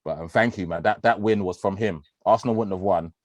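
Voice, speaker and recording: A man talks football on a podcast in a low, deep voice. He is animated and slangy, swears casually and laughs a lot. His voice is recorded close and dry, with no room sound. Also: a little fast, dry recording. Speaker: podcast co-host, football fan.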